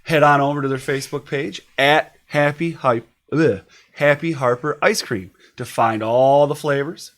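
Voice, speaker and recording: An upbeat man hosts a live online show in a casual, chatty way. His voice sits a little high for a man, and he laughs easily between remarks. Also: normal speed, a bit bright. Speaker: host. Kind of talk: casual live-stream chat.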